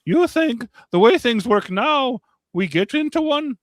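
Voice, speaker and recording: A gruff Greek man leaning on a diner counter, voiced by a man. He speaks in an Irish lilt, loud and emphatic, with a high voice that climbs and dips a lot. The room sounds dry and close. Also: expressive, unhurried, dry recording.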